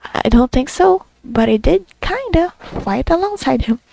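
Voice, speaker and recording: Giggly young woman with a gravelly high voice. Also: big pitch swings, measured pace, warm tone, dry recording. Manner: chatty, giggly, talks to herself. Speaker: gamer playing a story quest. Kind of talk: casual gameplay commentary.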